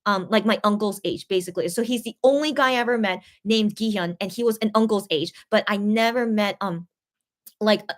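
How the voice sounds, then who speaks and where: A woman's voice: medium pitch, fairly quick. A woman in her thirties hosting a K-pop reaction video, explaining things to viewers in a chatty, rambling way with many restarts. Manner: explains Korean phrases to viewers. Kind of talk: casual reaction commentary.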